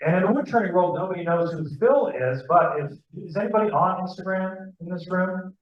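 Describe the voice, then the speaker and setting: A man's voice: sits high, expressive, brisk. A man giving a rambling, chatty talk to a club audience, asking the room questions as he goes. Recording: far-off, echoey, muffled room recording.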